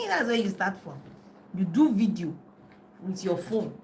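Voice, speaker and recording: A woman's voice: medium pitch, huge pitch swings, slow, darkish tone, slight background noise, low-quality recording. A middle-aged woman coach talking casually and chattily on a live video, often losing her thread and laughing. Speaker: life and business coach. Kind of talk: casual live-stream talk. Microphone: phone on a live video.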